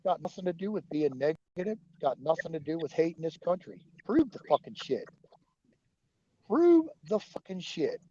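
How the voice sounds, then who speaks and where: A man's voice: a little high, animated, fairly quick, few pauses, dark tone, breathy edge, no room sound. A man ranting angrily on a livestream, cursing often and arguing with his chat. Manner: profane, angry, argumentative. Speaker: livestream host. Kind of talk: heated livestream rant. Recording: dull, dry lo-fi stream audio.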